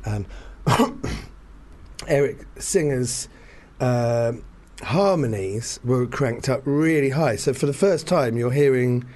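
A man's voice: medium pitch, expressive, takes it slowly, a little mellow. A man telling a story in casual chat, rambling, restarting his sentences often and laughing between them.

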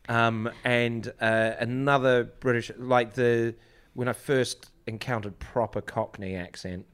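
A man's voice: medium pitch, steady tone, slow pace, few pauses, fairly bright tone, clean tone. A man in his forties with a New Zealand accent, chatting casually and telling anecdotes with plenty of hesitations. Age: 40s. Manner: anecdotal, hesitant with many fillers. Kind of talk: casual chat.

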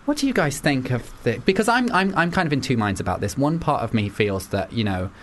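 Lively young radio host. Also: mid-range voice, fairly quick, slight background noise. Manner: lively, laughs often. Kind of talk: casual radio chat.

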